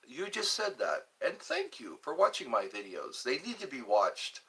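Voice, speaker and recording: A man hosting a casual livestream, reading viewer comments aloud and answering them in a slow, drawn-out, jokey way, often repeating his phrases. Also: fairly high pitch, very animated, creaky, fairly bright tone, husky. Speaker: livestream host.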